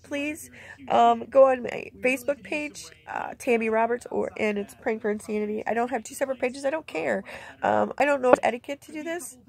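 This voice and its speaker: A woman's voice: fairly high pitch, vocal fry. A middle-aged woman vlogger speaking candidly and emotionally in a plainspoken, heartfelt way from inside a camper. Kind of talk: candid personal vlog.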